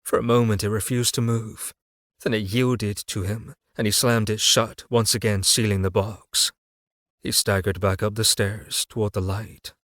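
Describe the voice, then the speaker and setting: A man narrating a dark fantasy audiobook in a measured, dramatic reading. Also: lowish voice, little pitch movement, no room sound, studio quality.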